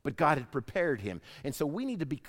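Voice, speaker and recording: A man preaches in an animated storytelling way, slipping into character voices for his anecdotes. His pitch sits a little high and swings widely. The sound carries a long reverb from a large church hall. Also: brisk. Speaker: pastor. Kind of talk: sermon.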